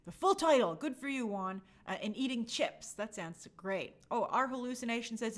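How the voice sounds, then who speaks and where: Lively high-voiced woman streamer. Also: normal speed. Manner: chatty, reads comments aloud and answers them. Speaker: live stream host. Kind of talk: casual live-stream chat reading viewer comments.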